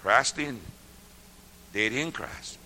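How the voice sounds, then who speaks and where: An older man preaching a sermon, folksy and laughing often, swinging from hushed murmurs to loud shouts. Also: medium pitch, takes it slowly, slight background noise, poor audio.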